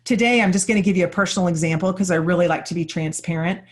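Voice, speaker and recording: A woman presents a live workshop in a slightly lower-pitched voice. She is earnest and openly personal with her listeners, and she explains her points through everyday examples. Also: racing. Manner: uses many everyday examples. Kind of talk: live workshop talk to an audience.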